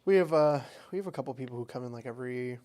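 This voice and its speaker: A man's voice: medium pitch, warm tone. A young man co-hosting a podcast, venting bluntly and swearing freely in casual chat. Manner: blunt and profane, quick to vent. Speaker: podcast co-host.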